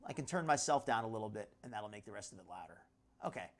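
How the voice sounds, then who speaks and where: Reacting live to social media clips on her stream, a woman talks in a loose, giggly way and often stops partway through sentences. She has a very deep, expressive voice and speaks quickly.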